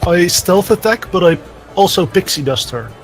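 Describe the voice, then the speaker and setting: A man with a slightly higher voice plays a tabletop game in a relaxed, casual way, often restarting his sentences. Faint music plays in the background. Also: moderate pace, low-quality recording. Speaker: player.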